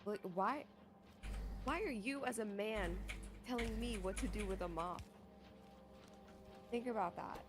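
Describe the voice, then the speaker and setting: A woman's voice: medium pitch, unhurried, long pauses, noisy background. Blunt, sarcastic woman co-host. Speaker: stream co-host. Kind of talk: casual stream chat.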